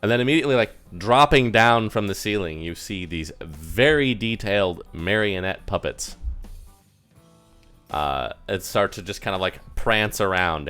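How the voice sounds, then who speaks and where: A man's voice: deep voice, a bit bright, clear, resonant tone. A man narrating a tabletop game as game master, describing scenes loosely with many fillers. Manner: rambling, filler-heavy description.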